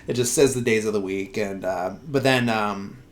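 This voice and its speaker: A man's voice: on the low side, moderate pace. Rambling, filler-heavy man retelling a movie. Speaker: podcast host. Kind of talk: casual movie recap.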